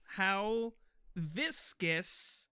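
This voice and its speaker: A man's voice: sits high, animated, very slow, sharp tone, clear, resonant tone, no echo, clean studio sound. A man co-hosting a comedy podcast over a video call, full of silly wordplay and mock-grand phrasing. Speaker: podcast co-host. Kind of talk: casual comedic chat.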